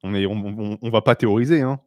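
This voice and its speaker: A blunt, sarcastic male host fields viewer questions in a casual live-stream Q&A, flipping between English and French. His voice sits fairly low and moves fast, with clean studio sound and no room echo.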